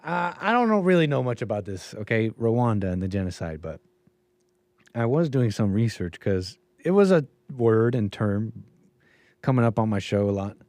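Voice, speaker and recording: A man's voice: on the low side, animated, normal speed, darkish tone, no room sound. Rambling man hosting a livestream. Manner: rambling, musing, trails off mid-thought. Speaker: show host. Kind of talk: livestream commentary.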